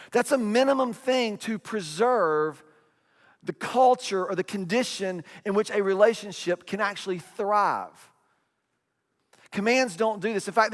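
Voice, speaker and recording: Middle-aged male pastor, raised voice, conversational sermon, echoing hall reverb. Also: high voice. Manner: conversational preaching with repeated phrases and acted quotes.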